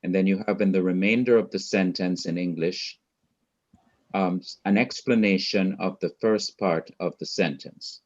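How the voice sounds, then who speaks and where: A man from Jamaica teaching a Hebrew grammar class online, explaining slowly and repeating his points. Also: low-pitched, fairly even intonation, highs cut off. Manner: slow, patient, repeats points.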